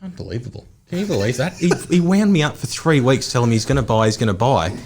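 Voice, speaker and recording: A man's voice: medium pitch, lively intonation, quick pace, a little mellow. A man, co-hosting a casual podcast and telling a story with plenty of swearing. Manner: swearing storyteller, mimics other people in quotes. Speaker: podcast co-host, real estate agent. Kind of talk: casual chat.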